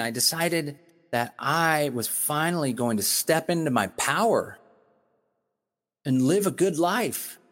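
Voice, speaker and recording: Emphatic man in an echoey room. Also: mid-range voice. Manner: emphatic and animated, with exclamations. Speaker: streamer, commentator. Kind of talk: casual commentary while browsing on screen. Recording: long reverb, echoey room.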